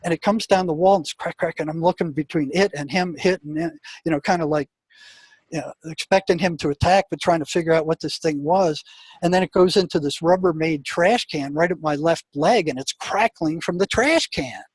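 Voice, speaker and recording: A man, a guest in an interview, telling a story from his prison work in a casual, animated way, restarting sentences and laughing now and then. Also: fairly high pitch, a little fast, slightly rough, no echo.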